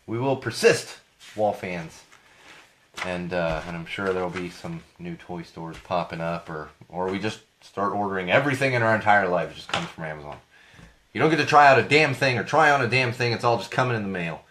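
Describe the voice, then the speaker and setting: A man in his thirties with a hoarse voice from a cold, hosting a podcast in a casual rambling monologue that repeats phrases for emphasis. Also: sits low, lively intonation, brisk, a bit bright, a little hiss or hum. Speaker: podcast host.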